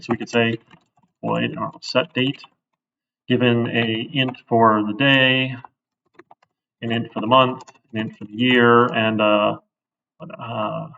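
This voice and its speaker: A gravelly-voiced man runs a casual coding lecture, thinking aloud as he types. He is picked up from across a classroom, so his voice sounds distant and dull. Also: medium pitch, fairly bright tone, slight background noise. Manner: conversational, thinks aloud, often asks "right?". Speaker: programming instructor.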